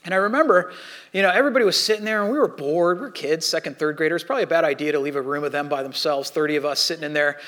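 A man's voice: fairly high pitch, very fast, a bit bright. A pastor preaching a sermon, telling a story from his childhood and acting out the scenes, sometimes stumbling and repeating words.

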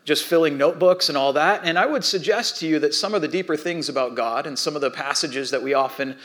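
A man preaching a sermon as pastor, telling a story and acting out shouting children. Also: a little high, quick pace. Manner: storytelling, animated voices for quoted kids.

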